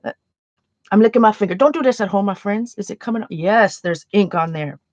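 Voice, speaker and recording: A woman's voice: mid-range voice, a little fast, a little mellow, dry recording, lo-fi sound. A Canadian woman chatting casually on a livestream while making art, rambling and often restarting her sentences.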